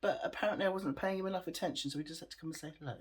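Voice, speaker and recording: A man voicing his eager six-month-old male puppy, talking quickly in a slightly raised voice. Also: a little high, slightly rough, voice pushed up. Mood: chirpy.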